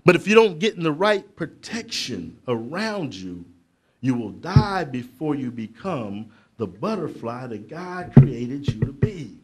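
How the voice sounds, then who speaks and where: A middle-aged man, giving a motivational speech to young people at a conference, preacherly and building to loud emphatic peaks with asides to the crowd. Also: mid-range voice, sing-song, a little slow, husky. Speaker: motivational speaker. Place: conference hall.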